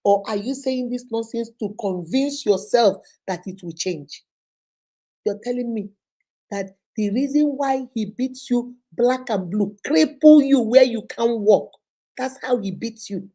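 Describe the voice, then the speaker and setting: A woman's voice: fairly high pitch, unhurried, dark tone. A middle-aged woman hosting a relationship advice talk, passionate and preachy, repeating lines for emphasis. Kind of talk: live advice talk to viewers.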